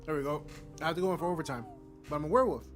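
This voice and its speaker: A man's voice: a little high, very fast, music in the background. Brash, profane young male game streamer. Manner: brash, profane, jokey, swings from mutters to outbursts. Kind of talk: casual live-stream commentary.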